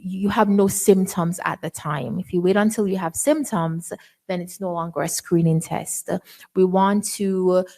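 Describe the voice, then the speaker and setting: Woman doc giving a talk, earnest, lots of ums, slow and lowish. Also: darkish tone. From Canada. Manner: earnest, many filler pauses. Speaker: physician speaker. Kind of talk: presentation talk.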